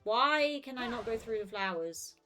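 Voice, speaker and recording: A woman's voice: fairly high pitch, lively intonation, moderate pace, pushed and bright, faint music behind. A woman with a neutral British accent chatting casually with her stream while she plays, rambling with many fillers and laughing easily. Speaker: game streamer. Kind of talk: casual chat while gaming.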